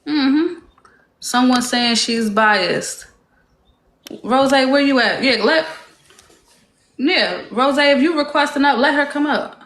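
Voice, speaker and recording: A woman's voice: high-pitched, slow pace, pauses often, a bit bright. A woman hosting a casual live stream, talking in a defiant, drawling way. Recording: roomy echo with faint noise.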